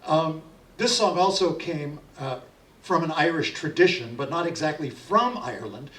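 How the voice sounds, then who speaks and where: Man, middle-aged, folksy storyteller, chatty, bright forceful voice, echoey room, distant mic. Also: fairly high pitch, lively intonation, normal speed. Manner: chatty and folksy, leads call-and-response singing. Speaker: folk singer and storyteller. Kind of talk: storytelling and leading a sing-along. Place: library event space. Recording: roomy sound from a distant mic.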